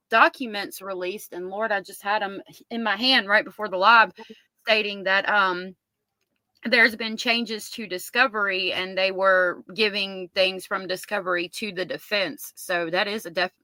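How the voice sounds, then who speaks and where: Bright-voiced woman hosting a livestream. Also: mid-range voice, no room sound. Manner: reads chat comments aloud and reacts. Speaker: livestream host. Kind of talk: casual livestream chat reading viewer comments.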